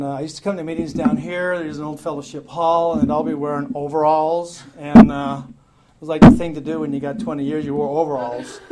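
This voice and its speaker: At a recovery meeting, a man with a highish voice tells his story in a rambling, joking, profane way. The room is packed and the recording is very noisy, with the audience laughing along.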